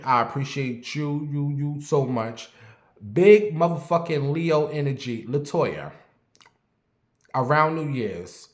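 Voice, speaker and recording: A man hosting a casual livestream, giving shout-outs to viewers in an animated, rambling way. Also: medium pitch. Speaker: livestream host. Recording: echoey room.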